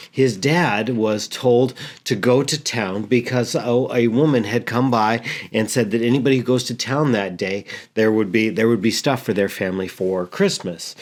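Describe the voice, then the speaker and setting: A man, a pastor, telling a story in a sermon, halting and repeating words earnestly. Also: mid-range voice.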